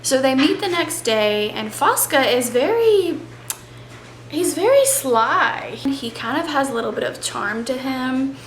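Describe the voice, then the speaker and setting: A chatty woman with a fairly high voice, recapping a book for her vlog at home. She sounds excited, dropping now and then into breathy whispers. The sound is roomy and echoey, with a faint hiss behind her. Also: normal speed, few pauses. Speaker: book vlogger. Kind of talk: casual reading vlog chat. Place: home reading nook, indoors. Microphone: camera on a tripod. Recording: roomy echo with faint background noise.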